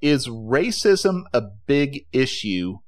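A man's voice: mid-range voice, sing-song, slow. A man co-hosting a casual chat, easygoing, with dry teasing. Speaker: podcast co-host.

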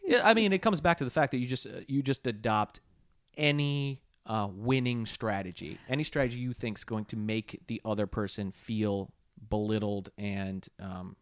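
A man in casual podcast chat, talking in an animated, mocking way and swearing often. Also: lowish voice, normal speed, dry recording, clean studio sound. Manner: animated, profane, mocking impressions. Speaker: podcast co-host.

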